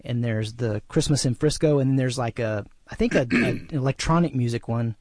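A man's voice: mid-range voice, a little fast, darkish tone, no room sound. A man co-hosting a radio show in casual chat, rambling along with lots of restarts and "like"s. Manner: rambling, full of fillers and restarts.

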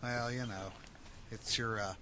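A man's voice: fairly low pitch, steady tone, measured pace, sharp tone. A man hosting a casual radio talk show from a studio, joking and rambling as he goes. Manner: joking, rambling, often laughing.

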